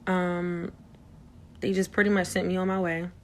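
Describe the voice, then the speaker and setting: A young woman telling her own story in a candid, blunt way, swearing freely and getting animated at the intense parts. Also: on the low side, moderate pace. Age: young adult. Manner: animated, rising loud when recounting shock. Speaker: vlogger sharing her story.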